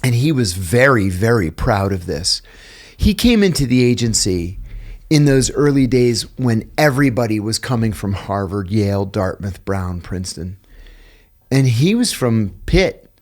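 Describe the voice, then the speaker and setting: A man's voice: lowish voice, moderate pace. A middle-aged man from western Pennsylvania, telling stories as a podcast guest and acting out quotes. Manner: animated anecdotes with acted-out quotes. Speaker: podcast guest, former intelligence officer. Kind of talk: storytelling in a conversational interview.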